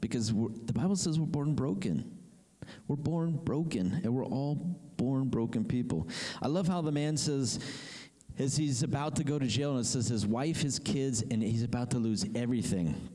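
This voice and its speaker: Preacher with warm voice in a reverberant church. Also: male voice, medium pitch, normal speed. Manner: animated preacher, asks the congregation questions. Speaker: pastor. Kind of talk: sermon.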